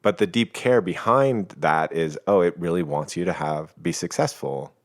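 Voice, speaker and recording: A man talking as a podcast guest, explaining ideas in a calm, reflective and playful way. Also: low-pitched, normal speed. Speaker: guest, coach. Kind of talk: reflective conversation.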